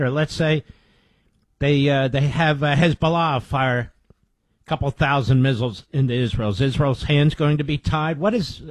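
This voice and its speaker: A middle-aged man hosting a political talk radio show, talking emphatically with rhetorical questions and dropping low for asides. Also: darkish tone, no echo.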